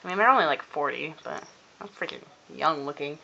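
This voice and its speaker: A teenage girl telling a long casual vlog story about her day, rambling and acting out what people said in animated voices. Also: low-pitched, brisk, vocal fry, lo-fi sound. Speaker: vlogger. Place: indoors at home, cold room.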